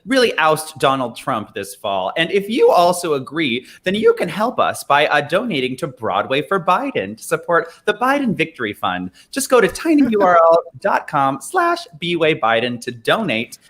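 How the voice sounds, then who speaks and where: A man co-hosting a casual online talk show, playful and quick to laugh. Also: on the high side, huge pitch swings, fairly bright tone. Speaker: co-host.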